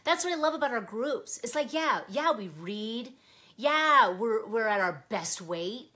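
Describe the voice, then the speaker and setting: An older woman with a bright, forceful voice, pitched a little high, talks straight to her viewers on a live stream. She gushes with pride and excitement, tacks "okay?" onto her sentences and breaks into laughter. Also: measured pace. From Nebraska, US. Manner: chatty and gushing, peppers lines with "okay?" and laughs. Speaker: host of a live planner stream. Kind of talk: casual live-stream chat.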